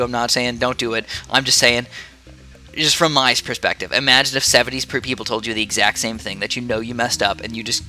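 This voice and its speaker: Bright, chatty young male gamer. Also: mid-range voice. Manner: rambling and chatty, full of fillers and restarts. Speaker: gaming video creator. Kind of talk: casual gameplay commentary.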